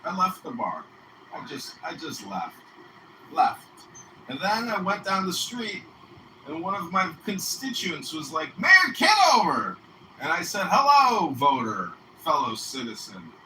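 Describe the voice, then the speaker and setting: A man's voice: high voice, big pitch swings, unhurried, sharp tone. Male podcast host, profane rambling chatter, noisy room behind. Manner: rambling, swears freely, acts out quotes. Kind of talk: casual profane podcast chat. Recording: roomy, distant mic with background noise.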